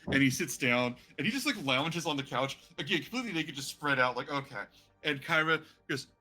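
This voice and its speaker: A man narrates as game master, quick and playful, steering the scene with gleeful asides. His voice is bright and clear. Soft music sits behind him. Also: a little high, animated.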